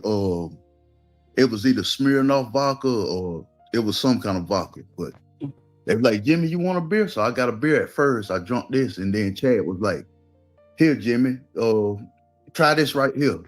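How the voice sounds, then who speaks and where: A man's voice: on the low side, normal speed, soft background music. A man with a Southern Georgia accent, telling a personal story in casual talk and acting out what others said. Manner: relaxed storytelling with quoted voices. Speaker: guest telling his story.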